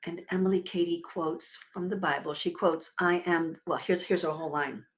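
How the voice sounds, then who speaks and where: Lower-voiced woman minister preaching conversationally. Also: moderate pace. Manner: conversational, leads congregation in repeating words; expressive with sudden swells and drops in loudness. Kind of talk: sermon.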